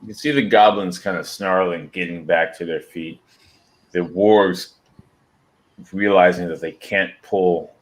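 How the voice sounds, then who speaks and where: A man with a low voice narrates as game master of a tabletop game. He describes the action steadily and calls for dice checks.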